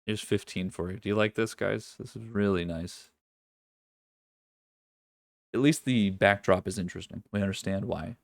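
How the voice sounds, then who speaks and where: A man with a fairly low voice and a dry, close sound talks through market analysis on a live trading stream. He is casual and loose, swears now and then, and keeps restarting his sentences as he thinks aloud. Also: moderate pace, creaky, long pauses, dry recording.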